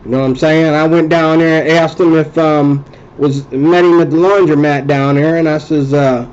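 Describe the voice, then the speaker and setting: A man's voice: on the high side, steady tone, moderate pace, a little mellow, clear, resonant tone. Rambling man on a dull lo-fi recording. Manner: rambling, conversational, repeats and restarts phrases. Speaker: host. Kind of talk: casual rambling monologue.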